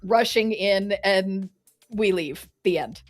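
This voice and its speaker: A woman's voice: mid-range voice, takes it slowly, soft background music. A woman player narrating her character's actions in a tabletop game, chatty and full of fillers. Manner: chatty storytelling with frequent "like" and laughs.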